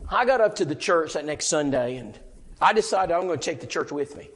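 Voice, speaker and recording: A male preacher teaching a lesson through an animated story, often repeating words as he goes. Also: a little high, a little fast.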